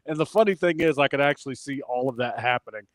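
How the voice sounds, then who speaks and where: A man's voice: mid-range voice, quick pace, fairly bright tone, dry recording. Man animatedly recapping wrestling. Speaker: wrestling podcast co-host. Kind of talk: casual chat.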